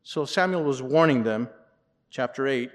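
A man's voice: medium pitch, moderate pace. A male pastor preaching a sermon, reading scripture aloud expressively and adding asides. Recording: long reverb in a large hall.

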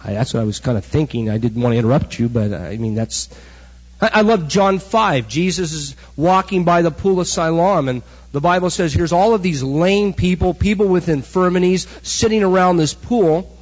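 Preacher, male, middle-aged, fairly high and a bit husky, dull lo-fi sound. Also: moderate pace. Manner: animated storytelling preacher, acts out quotes. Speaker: pastor. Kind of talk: sermon. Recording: dull recording with hall echo.

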